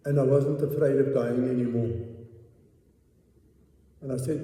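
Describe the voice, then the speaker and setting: A man preaching a sermon as pastor, slow and deliberate with long pauses. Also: mid-range voice, steady tone, mellow. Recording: roomy hall, distant mic.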